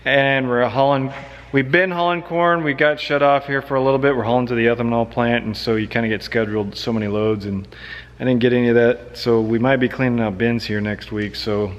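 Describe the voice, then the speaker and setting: A central Nebraska farmer talks his way through his farm work in a loose, laid-back ramble for a casual walkaround vlog, standing outside by machinery. His medium-pitched voice has fairly even intonation and a brisk pace, and the audio sounds muffled.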